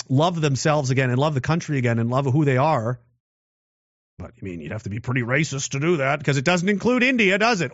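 A man's voice: medium pitch, dry recording. A man giving a political commentary monologue, rambling with restarts and rhetorical questions. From Canada. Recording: dull, dry lo-fi sound.

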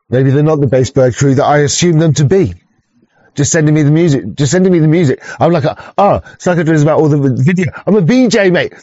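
Male livestream host, rambling and profane, dull lo-fi mic with a dark tone. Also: fairly high pitch, dry recording. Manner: rambling, profane, frequent restarts.

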